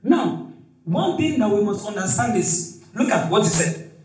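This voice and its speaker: A male preacher delivering a sermon in call-and-response style, with shouted exclamations and frequent hallelujahs. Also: high-pitched, sing-song, unhurried, a little hiss or hum. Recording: echoey hall, distant mic, faint music.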